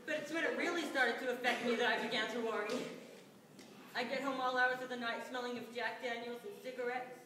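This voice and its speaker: A woman's voice: fairly high pitch, fairly even intonation, brisk, background noise, natural voice. A teen girl playing a sassy ventriloquist's puppet. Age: teens. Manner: sarcastic, melodramatic storytelling. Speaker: student performer. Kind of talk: stage monologue performance. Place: school hall stage. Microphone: distant room mic. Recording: echoey hall from far off.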